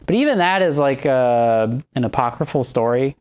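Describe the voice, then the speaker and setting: A man's voice: medium pitch, expressive, normal speed, hardly any pauses, clear, resonant tone. A man co-hosting a podcast, chatting casually about a movie and acting out quotes in silly voices. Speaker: podcast co-host. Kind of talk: casual film-review chat.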